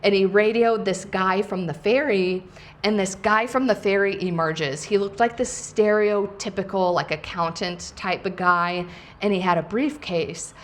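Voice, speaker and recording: A woman's voice: medium pitch, a little slow. A woman podcast host telling a travel story in a casual, chatty way, full of fillers and quoted lines.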